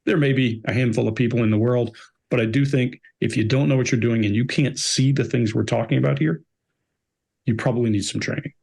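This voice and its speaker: A man's voice: medium pitch, steady tone, a little fast, vocal fry, a little mellow, slightly rough. Blunt, emphatic male panelist. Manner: blunt, emphatic, repeats points. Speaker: body language panelist. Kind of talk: casual panel discussion.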